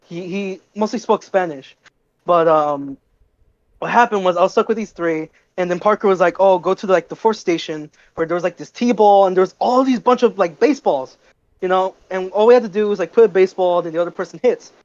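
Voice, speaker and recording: High-voiced teen guy telling a story. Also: fairly quick, no echo, lo-fi sound. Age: teens. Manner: animated, swears freely. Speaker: podcast co-host. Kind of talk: casual storytelling.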